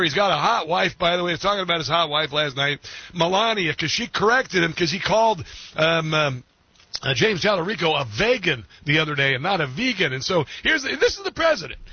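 A man hosting a talk radio show, chatting in an excitable, rambling way with many fillers. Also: high-pitched, fairly quick, husky, no echo, highs cut off. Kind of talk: casual opinionated talk radio.

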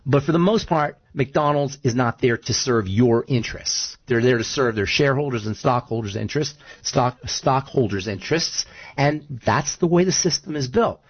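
A man co-hosting a radio talk show, an animated storyteller who voices the figures in his stories. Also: medium pitch, normal speed, husky, dry recording, muffled recording. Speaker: co-host.

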